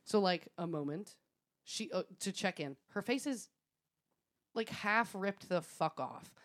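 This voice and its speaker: A woman's voice: medium pitch, animated, measured pace. A woman co-hosting a podcast, casually retelling a story with frequent laughs and swearing. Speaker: podcast co-host.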